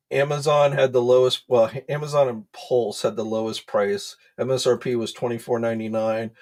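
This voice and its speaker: A man's voice: medium pitch, darkish tone. Chatty man hosting a livestream. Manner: chatty, many fillers, greets viewers by name. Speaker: host of an action figure news livestream. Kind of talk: casual livestream chat. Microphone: desk microphone.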